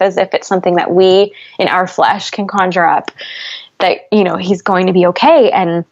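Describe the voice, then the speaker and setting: A woman's voice: fairly low pitch, fairly even intonation, moderate pace. A young woman talking candidly as a podcast guest, earnest and emotional, leaning heavily on "like" as she talks. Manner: earnest, heavy use of "like", rising intensity. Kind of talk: candid conversational storytelling. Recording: slightly dull lo-fi podcast audio.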